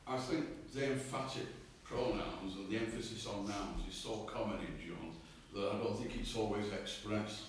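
A man explaining a point in a Bible study discussion in a measured way, stressing key words. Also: on the low side, slight background noise. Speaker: Bible reading participant. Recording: distant mic in a very echoey room.

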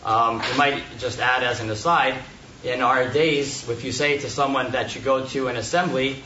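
Guy explaining bible verses at a meeting, pauses a lot, far off mic, muffled and echoey with hiss. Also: medium pitch, steady tone, pushed and bright. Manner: measured, thoughtful, with many hesitations. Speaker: Bible study speaker. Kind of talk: unscripted Bible teaching. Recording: echoey, distant, muffled, noisy room recording.

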